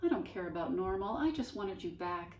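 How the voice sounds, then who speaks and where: A woman's voice: mid-range voice, animated, brisk, darkish tone, lightly acted. A woman voicing an anxious, loving mother in a storybook reading, pleading and emotional. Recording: roomy sound from a distance.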